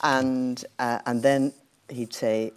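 An older Irish woman, a former television journalist, telling anecdotes in a relaxed interview. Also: a bass voice, slow pace, clear, resonant tone. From Ireland. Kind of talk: casual storytelling.

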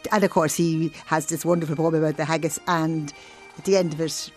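A woman's voice: deep voice, steady tone, fairly quick, a little mellow, soft background music. An older woman, a radio guest, chatting at length in a good-humoured storytelling way. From Ireland.

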